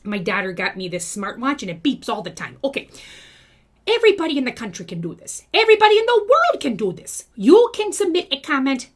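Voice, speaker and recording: A woman's voice: a little high, sing-song, fairly quick. A woman voicing a bossy, folksy older woman and former schoolteacher who scolds and lectures the viewers in a comic monologue. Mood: lecturing. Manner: scolding, chatty, talks straight to viewers. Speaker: video creator. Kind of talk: comedic character monologue.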